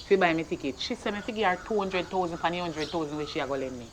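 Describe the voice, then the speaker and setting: A performer playing a stern, broke Jamaican mother who scolds her son in rapid patois. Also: mid-range voice, a little hiss or hum, natural voice. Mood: scolding. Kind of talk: comedy skit acting.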